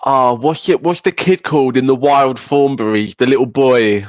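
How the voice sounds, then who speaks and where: A man's voice: medium pitch, moderate pace, no room sound, dull audio. A man co-hosting a casual podcast chat, wry and sweary, full of vivid exaggeration. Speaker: podcast co-host.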